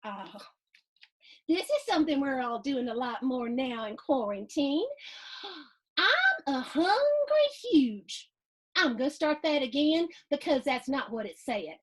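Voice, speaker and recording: A woman hosting a storybook reading for children, animated and sing-song, chatting with her young listeners between pages. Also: high voice, moderate pace. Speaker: host reading a picture book to children. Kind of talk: storybook read-aloud for kids.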